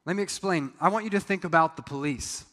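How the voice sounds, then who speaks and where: Here a male pastor preaches quickly in a high-ish, fairly bright voice. He addresses the congregation conversationally and slips into acted-out quoted lines, all recorded in a reverberant hall.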